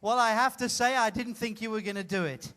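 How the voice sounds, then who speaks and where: A man hosting a live comedy show, teasing an audience member in a playful, loud way. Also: high-pitched, fairly quick, clear, resonant tone. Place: cruise ship theater stage.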